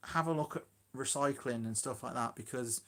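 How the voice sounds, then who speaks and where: A man chats loosely on a phone live stream, speaking at a middle pitch. He rambles and pokes fun at himself. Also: brisk, a bit bright. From Shropshire, England. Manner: rambling, chatty, self-deprecating, full of fillers. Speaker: allotment gardener and live streamer. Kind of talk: casual live-stream chat.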